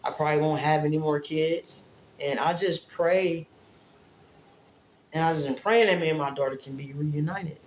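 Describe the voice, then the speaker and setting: A woman's voice: low voice, normal speed, a little mellow, echoey room, highs cut off, a little hiss or hum. A woman from Indiana talking straight to her viewers in a casual vlog, rambling and emotional. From Fort Wayne, Indiana, US. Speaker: vlogger. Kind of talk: casual livestream-style vlog talk.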